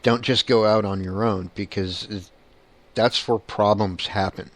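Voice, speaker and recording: A man's voice: lowish voice, fairly even intonation, a little slow. A man who is a paranormal investigator, talking bluntly in a casual monologue and swearing casually.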